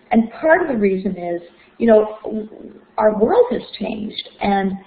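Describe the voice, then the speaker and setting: A woman's voice: mid-range voice, gravelly. A woman lecturing on literature, explaining with rhetorical questions and frequent fillers. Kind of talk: recorded lecture. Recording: echoey, phone-like thin sound.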